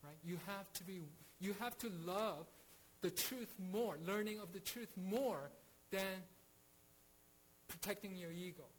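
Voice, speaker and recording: A man's voice: sits high, a little slow, slight background noise, rough recording. A man teaching a Bible study in an earnest way, with frequent restarts and rhetorical questions.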